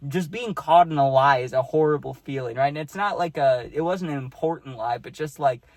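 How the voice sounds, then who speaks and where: A man's voice: fairly high pitch, moderate pace, no room sound. A young man casually telling a rambling personal story, peppering it with "dude" and "right?".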